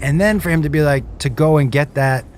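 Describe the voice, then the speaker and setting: A man's voice: a little high, a little fast, noisy background. A middle-aged father talking emphatically about his son in a casual podcast chat. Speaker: father of the guest.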